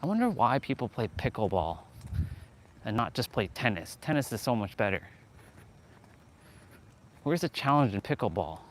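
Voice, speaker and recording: A man chats on a livestream as he strolls outside, speaking from a handheld phone. His voice sits at an ordinary middle pitch, and he rambles from thought to thought, reacting to his viewers as he goes. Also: fairly bright tone. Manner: rambling, musing aloud, answering chat. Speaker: fitness livestream host. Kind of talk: casual live-stream chat while walking. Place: outdoors, walking past courts and a pool.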